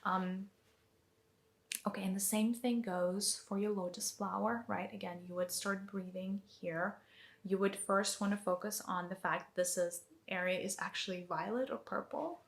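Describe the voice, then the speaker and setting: A woman with a creaky, medium-pitched voice leads a guided energy meditation. She talks in a chatty way, using lots of fillers while she demonstrates hand movements. She is a spiritual teacher.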